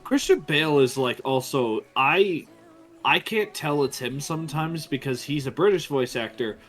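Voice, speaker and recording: A man in a casual podcast-style chat, calmly explaining bits of trivia with some hesitation. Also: a little high, moderate pace, faint music behind. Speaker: podcast guest.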